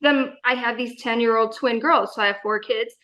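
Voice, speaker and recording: A woman's voice: fairly high pitch, steady tone, moderate pace, bright, forceful tone, low-quality recording. A woman in her forties, a gym member talking in a casual interview, enthusiastic and rambling, full of fillers and quoted asides.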